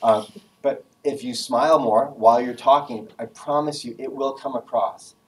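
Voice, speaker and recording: Energetic man giving a casual class talk. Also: medium pitch, moderate pace, recorded from a distance, low-quality recording. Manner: energetic, casual, jokey, acts out phone voices. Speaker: guest speaker giving a career talk.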